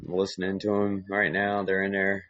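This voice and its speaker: A man's voice: low-pitched, completely flat delivery, moderate pace, fairly bright tone, no echo. Laid-back Southern man saying dude. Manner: laid-back, swears a lot, says "dude" constantly. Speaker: podcast host. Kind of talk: casual chat. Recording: dull, muffled dry recording.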